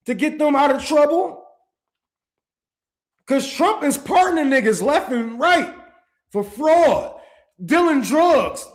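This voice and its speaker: A man hosting a political commentary stream, ranting with profanity and rhetorical questions. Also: very high-pitched. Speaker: podcast host.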